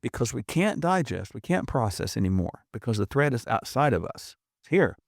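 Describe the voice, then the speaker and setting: A man's voice: medium pitch, sing-song, normal speed, creaky, no echo, clean studio sound. A middle-aged man, a doctor and podcast guest, explaining in an emphatic, earnest and persuasive way. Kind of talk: conversational explaining.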